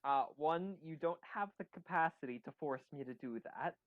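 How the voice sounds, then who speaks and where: A man's voice: a little high, moderate pace, no room sound, phone-quality sound. A man playing a tabletop game, sounding dry and exasperated. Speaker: player.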